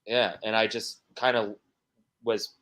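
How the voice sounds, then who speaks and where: A man's voice: lowish voice, flat delivery, a little slow, a bit bright. A man, a musician guest on a podcast, talking casually and rambling through stories with many restarts and fillers.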